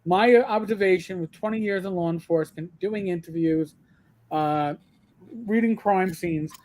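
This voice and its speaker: A man's voice: high-pitched, normal speed, darkish tone. A man in his fifties hosting a gaming talk livestream, blunt and profane, sharing strong opinions in casual chat. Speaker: livestream host and gaming news blogger.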